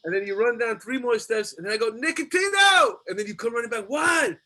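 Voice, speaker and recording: Animated New man telling stories. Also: high-pitched, racing. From New York. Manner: animated storyteller, acts out voices. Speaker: guest comedian. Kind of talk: casual storytelling.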